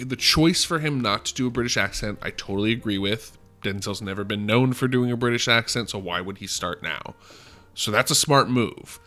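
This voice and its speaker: A man's voice: lowish voice, bright, forceful tone. A man co-hosting a movie podcast, talking emphatically in casual chat, swearing and laughing often. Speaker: podcast co-host. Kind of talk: casual film discussion.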